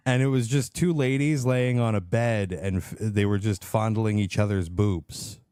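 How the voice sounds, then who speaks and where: A man co-hosting a podcast, telling stories in a relaxed, halting way with easy laughs. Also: on the low side, clear, resonant tone, dry recording, studio quality. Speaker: podcast co-host. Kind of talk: casual podcast chat.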